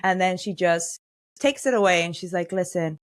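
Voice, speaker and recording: A woman hosting a podcast, retelling scenes in a lively, chatty way and voicing the characters' lines as she goes. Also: on the low side, normal speed. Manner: animated storytelling, acts out characters' lines. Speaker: podcast host. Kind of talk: casual podcast recap chat.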